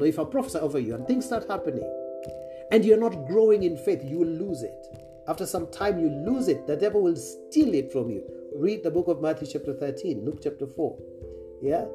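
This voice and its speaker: A man preaching with a lively, swinging delivery that rises and drops sharply. He hammers key phrases again and again and keeps checking that the listeners follow. Clear guitar music plays behind him. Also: fairly high pitch, moderate pace. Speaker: preacher, apostle. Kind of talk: sermon to an online audience.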